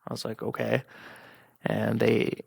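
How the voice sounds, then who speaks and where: Gravelly young man telling a personal story. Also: on the low side, level tone, a little slow, darkish tone, no room sound, clean studio sound. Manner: candid, swears freely, acts out his own past remarks. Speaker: podcast host.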